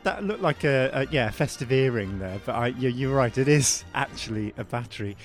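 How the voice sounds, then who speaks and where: Male podcast co-host, chatty and playful, mid-pitched, soft music faintly behind. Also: expressive, a little fast. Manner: chatty, playful, self-deprecating. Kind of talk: casual chat about classical music.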